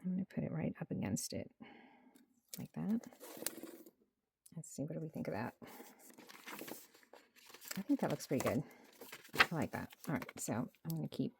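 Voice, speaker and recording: Gravelly-voiced woman chatting over her craft desk. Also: deep voice, sing-song, moderate pace, pauses often, background noise. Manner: thinks aloud, chatty, dips to near-whisper. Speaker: journaling creator. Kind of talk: casual crafting narration. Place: home craft desk under lights.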